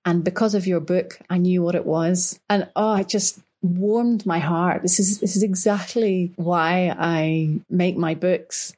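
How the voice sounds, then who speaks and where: A woman with a Northern Irish accent speaks in a slightly low voice. She tells relaxed, enthusiastic stories as a guest author, often restarting her sentences. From Northern Ireland. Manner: enthusiastic, with frequent restarts and light laughs. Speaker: children's book author, guest. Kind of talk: relaxed conversational storytelling.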